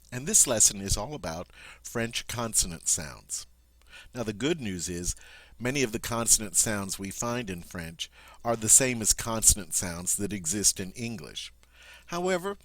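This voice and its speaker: A man's voice: fairly low pitch, a bit bright, no echo. Man, language teacher, patient explaining, dry close sound. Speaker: French teacher. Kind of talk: language lesson.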